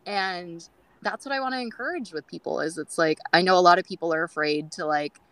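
A woman's voice: on the low side, a little fast, fairly bright tone, dry recording, low-quality recording. A woman guest on a groomers' podcast, telling stories in a chatty way with many fillers and acting out quoted dialogue. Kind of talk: casual storytelling interview.

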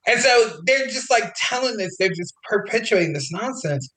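A man's voice: high-pitched, moderate pace, reverberant, low-quality recording. A man on a podcast, telling a personal story in casual chat and quoting the people in it. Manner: animated, quotes others in his retelling. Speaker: podcast co-host.

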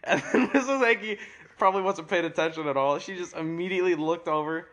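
A man's voice: sits high, quick pace, a bit bright. A teenage boy co-hosting a podcast, telling school stories in casual chat with lots of fillers and restarts. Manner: rambling storytelling with many fillers. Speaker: podcast co-host.

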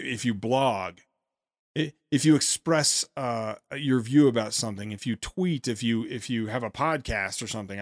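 A man's voice: mid-range voice, no echo, clean studio sound. A man hosting a podcast, commenting critically and sarcastically on a speech, often stopping and restarting his sentences. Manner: sarcastic, with many halting restarts. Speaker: podcast host.

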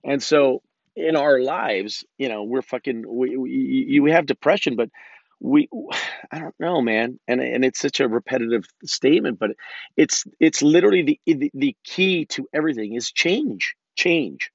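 A man's voice: medium pitch, lively intonation, normal speed, gravelly, dry recording. A man hosting a solo podcast, rambling and swearing, with lots of false starts and flashes of political ranting. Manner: rambling and profane, with frequent restarts. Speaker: podcast host. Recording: dull, dry lo-fi recording.

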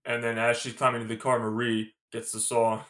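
A man's voice: medium pitch, monotone, brisk, over a noisy crowd. A man co-hosting a podcast, talking about a film in a laid-back, blunt way and swearing casually. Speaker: podcast co-host. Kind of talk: casual film review chat.

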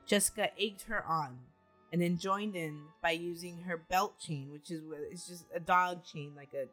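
Low-voiced woman recounting a true crime. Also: normal speed, a bit bright, soft background music. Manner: matter-of-fact narration with asides. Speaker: podcast co-host telling the case.

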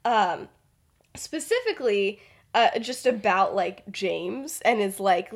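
A young woman host retelling a story in a loose, rambling way, packed with fillers and little laughs. Her pitch sits in an ordinary middle range, and her talk is casual and chatty. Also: animated, slow. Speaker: podcast host.

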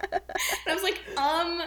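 Giggly woman with a higher voice. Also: fairly bright tone. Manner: giggly, filler-heavy, quick reactions. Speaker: podcast co-host. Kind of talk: casual book-discussion chat. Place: remote call with co-host.

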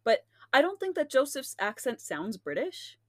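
A woman in casual chat with a friend, animated and quick to laugh. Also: high-pitched, no room sound, clean studio sound. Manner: giggly, laughs often, animated. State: laughing to tears at times.

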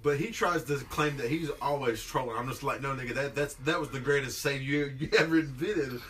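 A man's voice: mid-range voice, a little fast, fairly bright tone, far from the mic, a little hiss or hum. A young man in casual chat with friends, teasing and swearing in slang.

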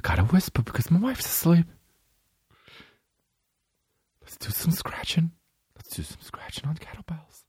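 Whispered role-play: man doing a breathy, swaggering bro-celebrity ASMR bit, high, dry close sound. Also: huge pitch swings, normal speed, no echo, full character voice. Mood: mock-soothing.

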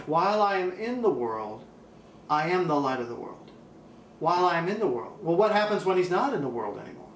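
High-voiced pastor preaching in an echoey room. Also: male voice, slight background noise. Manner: emphatic, repeats key phrases, slows down for weight. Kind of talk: sermon.

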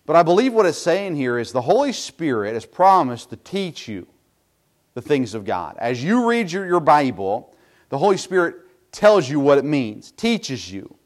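A man's voice: a little high, very animated, moderate pace. Folksy man preaching a sermon. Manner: folksy, self-deprecating preaching with asides to the congregation. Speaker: pastor.

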